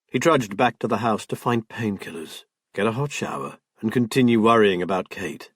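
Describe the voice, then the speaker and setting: A man reading a crime novel aloud as an audiobook narrator, in a measured storytelling manner. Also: on the low side, lively intonation, a bit bright, breathy edge, no room sound, clean studio sound. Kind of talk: scripted narration.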